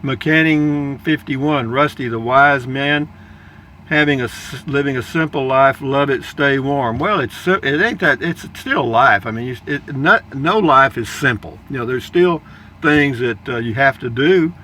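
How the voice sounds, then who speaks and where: A man's voice: medium pitch, a little slow, sharp tone, slight background noise. An older man reading viewer comments aloud in a folksy, rambling casual chat. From Texas, United States. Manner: folksy, rambling, chuckling asides.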